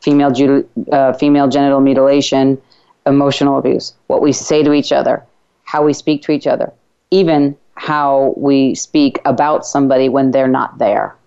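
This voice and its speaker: A woman hosting a talk radio show, telling a personal story in an earnest, reflective way with halting restarts. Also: a bass voice, fairly even intonation, mellow, clear, resonant tone. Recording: slightly dull lo-fi radio audio.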